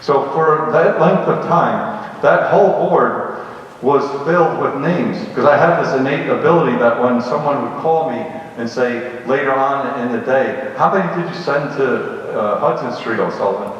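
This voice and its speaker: A man's voice: mid-range voice, normal speed. Blunt New York man in echoey hall. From the Bronx, New York. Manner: blunt, animated retelling with acted quotes. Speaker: retired police lieutenant speaking to students. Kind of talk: storytelling talk. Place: large school hall. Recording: echoey hall, from far off, dull.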